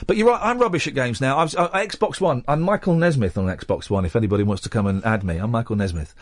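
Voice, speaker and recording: A middle-aged man hosting a radio show, chatting casually and telling stories in an animated way from a studio microphone. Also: mid-range voice, quick pace, no room sound. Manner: chatty, animated storytelling, laughs easily. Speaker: radio host.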